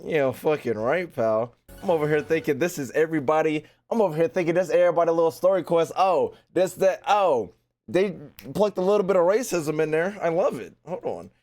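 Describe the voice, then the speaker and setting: Man, game trailer reaction, profane, rambling, high lively voice. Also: a little fast, soft background music. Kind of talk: casual reaction commentary.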